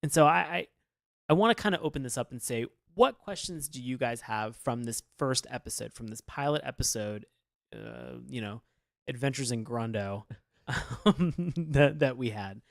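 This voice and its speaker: A man hosting a casual podcast, talking animatedly and bursting into loud put-on voices when quoting characters. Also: mid-range voice, expressive, normal speed, vocal fry, no echo, studio quality. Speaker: podcast host.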